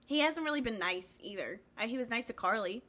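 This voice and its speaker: A woman's voice: fairly high pitch, animated, brisk, pushed and bright. A young woman co-hosting a podcast, recapping a TV episode in casual, blunt chat with frequent swearing. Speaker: podcast co-host.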